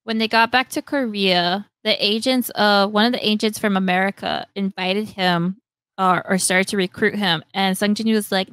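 A young woman hosting a podcast, animatedly retelling a story, acting out lines in quick voices and laughing often. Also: mid-range voice, fairly even intonation, a bit bright, smooth, dry recording. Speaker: podcast host. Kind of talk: casual chat retelling a story.

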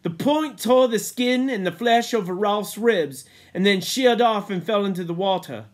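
A man reading a novel aloud in a measured way, sinking low and quiet at grim moments. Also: lively intonation. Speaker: reader.

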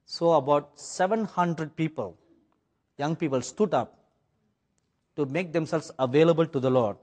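A man from India delivers a sermon in English that carries a British-influenced accent. He tells his story dramatically, swinging from loud, ringing phrases to near-whispers. His voice sits a little high for a man. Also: a little slow. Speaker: preacher.

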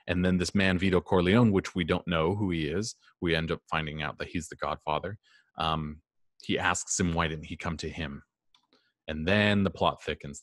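A man's voice: low-pitched, fairly bright tone, no echo, clean studio sound. A man teaching a class in a casual, rambling way, with frequent ums and restarts. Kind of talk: classroom lecture.

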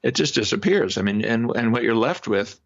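A man, a psychologist guest on a podcast interview, explaining exercises in an animated way and demonstrating them aloud. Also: mid-range voice, fairly quick, creaky. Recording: dull lo-fi remote audio.

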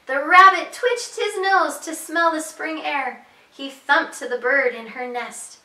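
A woman preschool teacher reading picture books aloud to young children in a slow, sing-song storytelling voice. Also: sits high, sharp tone. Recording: echoey room, voice heard from a distance.

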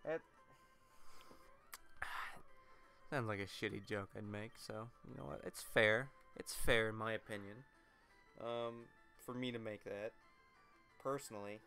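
A man's voice: lowish voice, measured pace, creaky, long pauses, a bit bright, faint music behind. A man hosting a let's play, rambling through crude, self-mocking jokes while commenting on the game.

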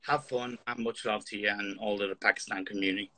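A man's voice: on the low side, fairly even intonation, quick pace, pushed and bright, low-quality recording. A man interviewing a guest on a live stream in an eager, playful way, often stammering and restarting his questions.

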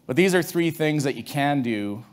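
A man's voice: a little high, animated, normal speed. A man from Canada giving a conversational, storytelling talk to a conference audience in a room, with frequent restarts. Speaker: conference speaker.

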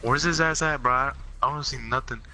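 A man's voice: medium pitch, normal speed, music in the background. A man chatting casually in a party chat while gaming, slangy and saying bro and son a lot. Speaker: gamer.

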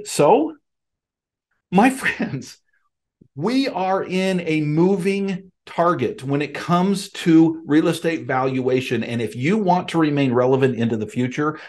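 A man hosts a podcast from his home office, delivering an emphatic monologue and addressing his listeners directly as folks and friends. His voice is fairly high-pitched with a darkish tone.

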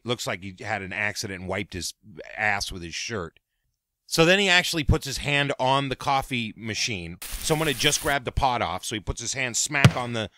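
A man telling a comic workplace story in an animated, gossipy way. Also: mid-range voice, no room sound. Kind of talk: comedic anecdote telling.

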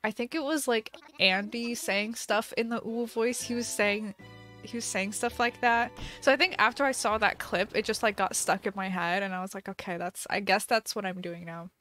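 A woman's voice: medium pitch, steady tone, normal speed. A young woman streamer in casual chat, giggly and talkative, reading out viewer messages. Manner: chatty, giggly, reads viewer messages aloud. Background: soft music.

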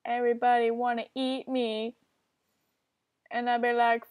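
A woman's voice: fairly high pitch, flat delivery, a little slow, pauses often. A young woman giving casual commentary while playing an online game, often frustrated and swearing at other players. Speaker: gamer.

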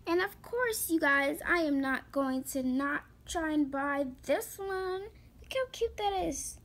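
A woman giving excitable, gushing commentary to her viewers while shopping in a game. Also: sits high, slow. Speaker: gaming vlogger.

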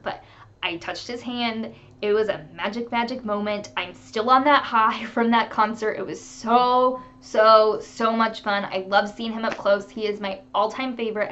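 A woman vlogger chatting to camera, telling animated stories with laughter. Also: fairly high pitch, lo-fi sound. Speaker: beauty vlogger. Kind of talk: casual chat to camera.

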